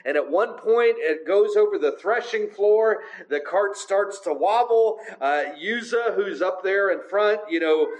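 A man's voice: high-pitched, expressive, a little slow, hardly any pauses, rough recording. A man preaching a sermon in a conversational way, with frequent filler sounds. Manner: conversational, many filler uhs.

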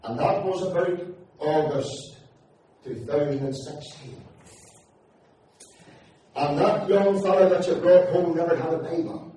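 Preacher, high voice, echoey hall. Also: male voice, a little slow, long pauses, dark tone, a little hiss or hum. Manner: impassioned storytelling, swelling into fervent declamation. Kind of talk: evangelistic sermon testimony. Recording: echoey hall, distant mic.

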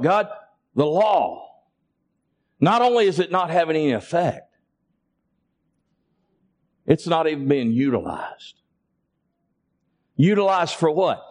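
High-voiced preacher with a rising build. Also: male voice, darkish tone. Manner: calls to the congregation in a Southern US vernacular. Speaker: pastor. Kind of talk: sermon.

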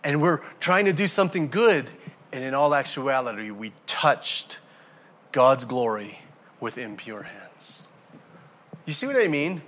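A man preaching a sermon to a congregation, animated, throwing rhetorical questions and acting out everyday scenes. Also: mid-range voice, unhurried. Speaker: pastor.

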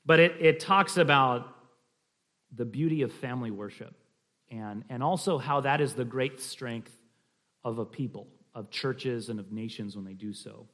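A man's voice: medium pitch, normal speed, a bit bright. Chatty man teaching a church class. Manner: conversational and explanatory, with many restarts and fillers.

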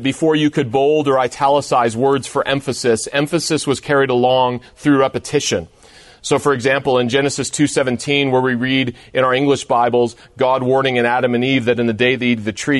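A man's voice: mid-range voice, no echo. A man delivers a sermon in a mid-range voice. He is earnest and emphatic, stressing his points through repetition. The recording is dry and close. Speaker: pastor.

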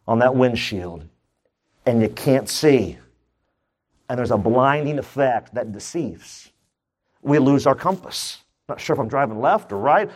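A man preaching a sermon, asking his congregation questions and joking as he goes. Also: mid-range voice. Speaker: pastor. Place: church.

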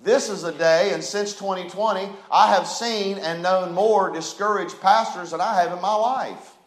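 A man preaching a sermon as pastor, firing off rhetorical questions and swinging between hushed asides and loud cries. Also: sits high, moderate pace. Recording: echoey room.

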